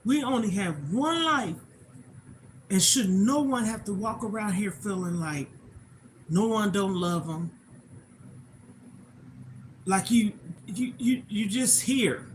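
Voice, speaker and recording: A woman's voice: mid-range voice, expressive, slow pace, pauses often, a little hiss or hum, rough recording. A middle-aged woman hosting a personal livestream, talking in an emotional, repetitive, plainspoken rant. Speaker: livestream host.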